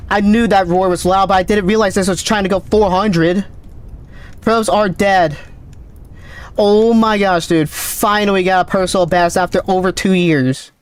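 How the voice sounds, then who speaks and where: A man streaming a game live, calling out readings with excited running commentary, his voice cracking. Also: sits high, clear, resonant tone. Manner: excited, calls out numbers rapidly. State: voice cracking, thirsty. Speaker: gaming streamer.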